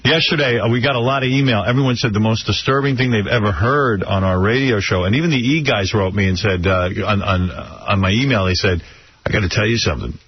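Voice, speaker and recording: A man's voice: on the low side, fast, slight background noise. A man hosting a radio show in blunt, teasing casual banter. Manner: teasing, blunt, laughs loudly. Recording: slightly dull radio broadcast sound.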